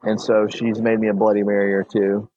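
A man's voice: on the low side, monotone, brisk, mellow, dry recording, dull audio. A young man telling loose, rambling stories as a podcast co-host in casual chat. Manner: laid-back, rambling storyteller.

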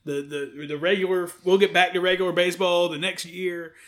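Bright-voiced man in casual sports chat. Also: high-pitched, flat delivery, brisk. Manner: joking, rambling, slips into silly impressions. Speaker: podcast co-host.

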